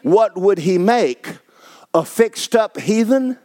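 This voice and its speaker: A man preaching, his fairly high voice swooping up and down as he hammers phrases home. He sounds middle-aged, folksy and emphatic from the pulpit. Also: animated, slow pace, warm tone. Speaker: pastor. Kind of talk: sermon.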